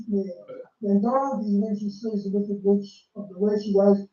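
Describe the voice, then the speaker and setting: With a high-pitched yet dark-toned voice and little pitch movement, a man gives emphatic, casual preaching commentary on a film at a moderate pace, repeating and restarting his phrases. The recording is dull, lo-fi, and roomy from a distant mic.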